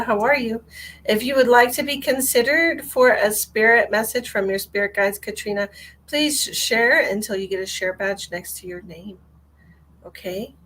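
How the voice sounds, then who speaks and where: A woman's voice: a little high, a bit bright, poor audio. A woman working as a psychic medium, giving a live-streamed reading in a soothing voice and guiding her viewers through a short meditation.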